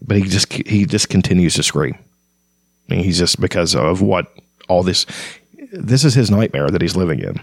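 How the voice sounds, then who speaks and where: A man's voice: low-pitched, animated, moderate pace, vocal fry, breathy edge, no room sound, studio quality. A man hosting a casual book discussion, talking conversationally with frequent fillers and restarts.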